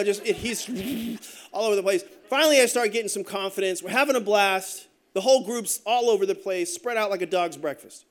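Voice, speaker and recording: A middle-aged man preaching a sermon as pastor, telling stories with joking asides in an animated way. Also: high-pitched, fast.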